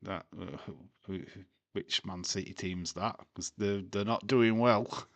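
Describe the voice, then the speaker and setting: A man's voice: fairly low pitch, steady tone, slow, dry recording. A man streaming a live watchalong, chatting casually with crude jokes and frequent laughs. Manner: crude, jokey, laughs often.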